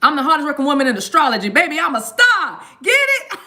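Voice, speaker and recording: A woman's voice: high voice, sing-song, normal speed, pauses often, bright, forceful tone. A woman hosting a tarot live stream, chatting casually and playfully with viewers in slang, joking and laughing often. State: eating a mint while talking.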